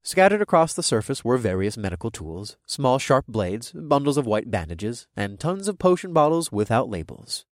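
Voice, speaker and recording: Expressive male fantasy narrator, dry sound. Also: mid-range voice, moderate pace, hardly any pauses, dry recording. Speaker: audiobook narrator. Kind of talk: first-person fantasy narration.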